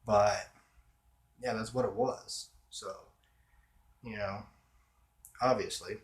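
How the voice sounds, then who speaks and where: A man's voice: fairly low pitch, steady tone, slow pace. A man chatting casually in his own room, rambling with fillers and restarts as a vlogger. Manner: meandering, with many fillers and restarts. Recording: roomy echo.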